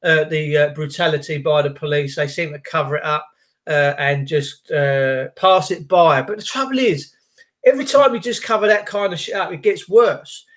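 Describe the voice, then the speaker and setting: Man, high voice, rambling, swearing, livestream host greeting viewers. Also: moderate pace, fairly bright tone. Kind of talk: casual livestream chat.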